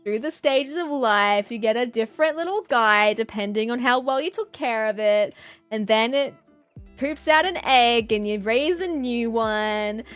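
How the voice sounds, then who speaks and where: Young woman artist-streamer, high-pitched and giggly, playful melodramatic chatter. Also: measured pace, fairly bright tone, smooth, faint music behind. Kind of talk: casual stream chat while drawing.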